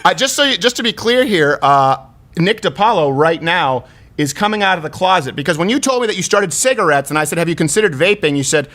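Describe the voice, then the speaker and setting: A man hosting a casual comedy interview show, laughing often and cutting in with quick, loud asides. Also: high-pitched, lively intonation. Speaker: show host. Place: lives in Texas.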